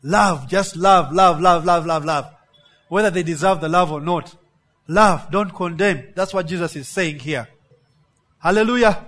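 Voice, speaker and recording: A man's voice: high voice, fairly bright tone. A man preaching a sermon as a pastor, stressing points with repeated words and often checking in with his listeners with a questioning "yeah?". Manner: preaches with frequent rhetorical "yeah?" check-ins to the congregation.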